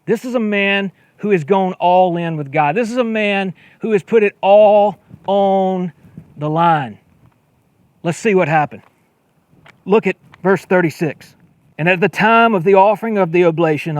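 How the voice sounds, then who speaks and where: High-voiced pastor reading scripture. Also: male voice, normal speed, dry recording. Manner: conversational, repeats words when excited; acts out quoted lines with a raised voice.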